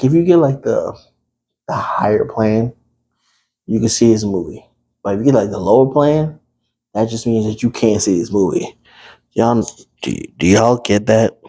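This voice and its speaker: A man's voice: mid-range voice, dark tone, slightly rough. A man casually reviewing a movie to camera, chatty and playful, talking to his viewers. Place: room with a TV behind him.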